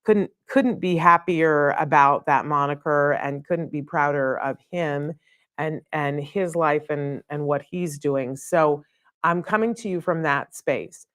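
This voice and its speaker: A middle-aged woman hosting a live studio show, chatty and effusive, with fillers and quick laughs. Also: low voice, a bit bright, no echo. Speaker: host. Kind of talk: live show opening monologue.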